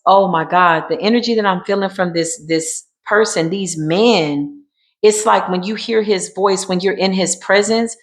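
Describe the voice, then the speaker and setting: A woman gives an intuitive tarot reading in a loose, chatty way. She repeats phrases for emphasis and calls her listeners y'all. Her voice sits at a middle pitch for a woman. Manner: emphatic, repetitive, colloquial, addresses viewers as y'all. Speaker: tarot card reader.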